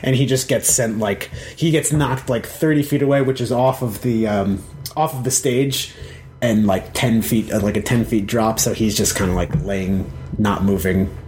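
A man's voice: fairly low pitch, normal speed, darkish tone, slight background noise. A man running a tabletop game as dungeon master, narrating the scene in a loose, rambling way full of fillers and restarts.

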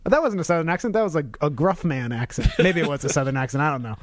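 A man's voice: a little high, quick pace, dry recording. A man co-hosting a podcast in casual chat, rambling with many restarts and self-corrections. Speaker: podcast co-host.

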